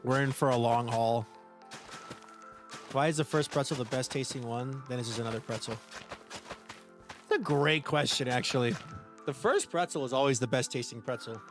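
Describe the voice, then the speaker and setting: A man's voice: medium pitch, moderate pace, long pauses, over music. An American man live-streaming a game, chatting casually and answering his viewers' messages as they come in. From United States. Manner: chatty, answers viewers' chat aloud while playing.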